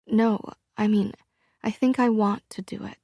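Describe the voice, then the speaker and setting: A woman's voice: mid-range voice, fairly even intonation, measured pace, dark tone, no echo, studio quality, voice pushed up. A woman reading the part of a shy, inexperienced young woman who speaks hesitantly and with embarrassment. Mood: shy nervous.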